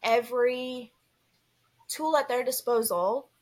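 A woman's voice: a little high, measured pace. A young woman co-hosting a podcast, talking candidly and earnestly in casual chat, with frequent restarts and fillers. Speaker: podcast co-host.

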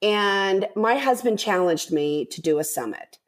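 A woman guest on a podcast, telling a personal story in a lively, casual way and acting out the voices of the people in it. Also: medium pitch, measured pace. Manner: animated, acts out quotes of others.

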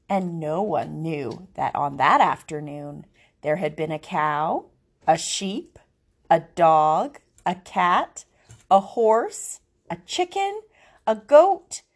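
A woman reading a picture book aloud, expressive, giving each animal its own voice. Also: sits low, creaky, breathy edge. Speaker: storybook reader.

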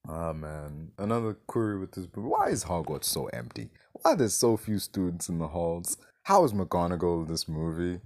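A man's voice: medium pitch, expressive, moderate pace, darkish tone. A man reviewing a movie in a casual rant, exasperated, swearing and firing off rhetorical questions.

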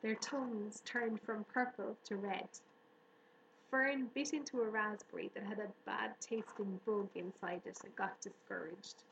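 A woman reads a storybook aloud in a steady, even manner. Her voice rings slightly in the room, with a faint hiss underneath. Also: medium pitch, a little slow, creaky, roomy sound, poor audio. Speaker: narrator. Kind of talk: audiobook reading.

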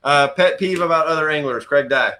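Joking male host, loose slangy banter, bright forceful tone. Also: on the high side, brisk. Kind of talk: casual podcast chat.

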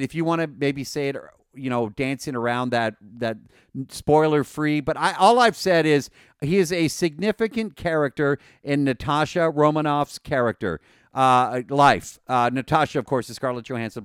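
A man co-hosting a podcast, talking casually and excitedly with many fillers and restarts. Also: medium pitch, smooth, dry recording, clean studio sound. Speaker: podcast co-host.

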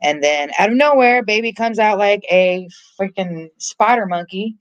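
A woman's voice: medium pitch, normal speed, no echo, lo-fi sound. A woman co-hosting a casual movie discussion podcast from home, talking in a loose, chatty way with frequent swearing and laughter. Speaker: podcast co-host.

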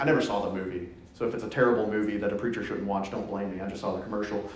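A man preaching a conversational sermon, playful and animated, telling the story with asides and quick acted-out quotes. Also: a little high. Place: church sanctuary. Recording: echoey church hall.

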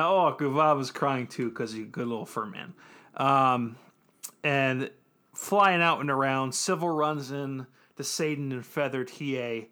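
A man's voice: a little high, a bit bright. A man casually recapping an anime episode on a podcast, loose and joking, with plenty of ums and restarts. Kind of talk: casual chat.

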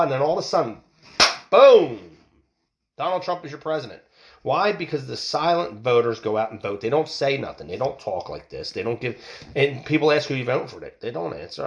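A man's voice: a little high, sing-song, a little fast, creaky. A man hosting a podcast, talking casually and off the cuff, rambling and swearing freely. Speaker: podcast host. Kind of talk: casual solo political talk. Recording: dull lo-fi recording.

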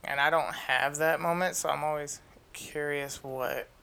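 A man's voice: a little high, fairly even intonation, measured pace, gravelly, pushed and bright, clean tone. A young man asking his sister questions in casual conversation, speaking hesitantly.

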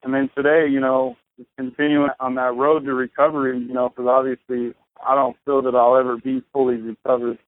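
A man in his thirties talks loosely and rambles, swearing casually as he tells his recovery story. His voice comes through a thin, tinny line that sounds like a phone call. His pitch sits in an ordinary middle range. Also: dry recording. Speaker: podcast guest. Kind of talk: casual conversation.

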